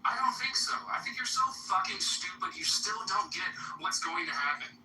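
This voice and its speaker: Brief: bright, high-pitched man yelling insults in a voice chat room, echoey and distant, music underneath. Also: lively intonation, normal speed. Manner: abusive, yelling insults, boastful. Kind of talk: heated voice chat argument.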